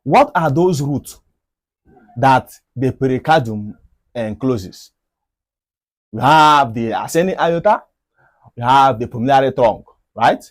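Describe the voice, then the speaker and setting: A man's voice: mid-range voice, expressive, slow pace, long pauses, no echo, studio quality. A man teaching a medical anatomy lesson over diagrams. He often repeats key points and asks rhetorical questions. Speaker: medical educator.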